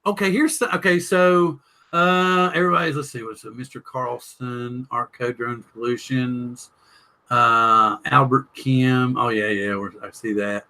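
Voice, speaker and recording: A man's voice: medium pitch, steady tone, a little slow, sharp tone. A man with a Southern drawl hosting a live drone chat stream, rambling, joking and reading the chat aloud. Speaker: podcast host.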